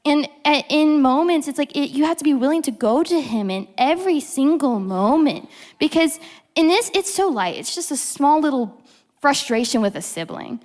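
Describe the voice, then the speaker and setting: A woman's voice: high-pitched, expressive, moderate pace, a little mellow. A young woman giving a casual devotional teaching, chatty, full of fillers, acting out the quotes she tells. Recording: long hall reverb.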